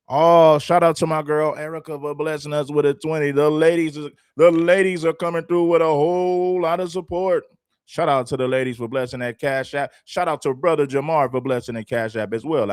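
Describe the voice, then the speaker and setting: A man's voice: a little high, steady tone, moderate pace, dry recording, clean studio sound. A man hosting a livestream, talking emphatically and repeating his points like a preacher. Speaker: livestream host. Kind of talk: commentary livestream.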